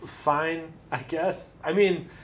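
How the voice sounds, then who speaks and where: A man's voice: on the high side, steady tone, takes it slowly. A young man as dungeon master, explaining rules casually with lots of fillers. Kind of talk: running a tabletop game, casual.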